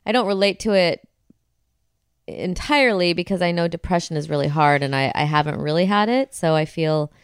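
A woman's voice: lowish voice, a little fast, smooth, dry recording, studio quality. A woman co-hosting a podcast, chatting casually and teasing her husband, often laughing. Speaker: podcast co-host. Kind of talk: casual chat.

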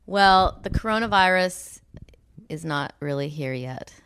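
A woman co-hosting a podcast, chatting casually and matter-of-factly, often trailing into quiet asides. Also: fairly low pitch, animated, measured pace, slight background noise. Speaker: podcast co-host. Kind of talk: casual chat.

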